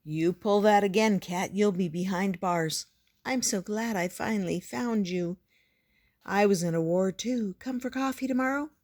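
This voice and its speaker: An easygoing police officer talks slowly and jokes lightly, read by a woman from a storybook. The delivery is relaxed and unhurried, with a teasing lilt. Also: mid-range voice. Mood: friendly. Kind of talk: storybook reading.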